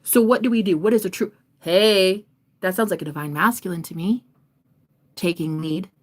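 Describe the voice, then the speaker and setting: A woman giving a casual reading to camera, animated and profane, sometimes dropping into a whisper. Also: lowish voice, brisk. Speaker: tarot reader.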